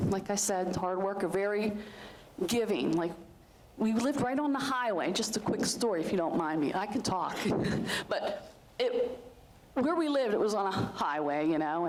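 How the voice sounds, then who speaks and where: A middle-aged woman from Western Pennsylvania tells stories in a casual, rambling way, full of asides and fillers. Her voice sits at an ordinary pitch. A faint hiss runs under the recording. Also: lively intonation, moderate pace. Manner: chatty and warm-hearted, rambling with many asides and fillers. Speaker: host of a community access style show. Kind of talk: casual storytelling to a group.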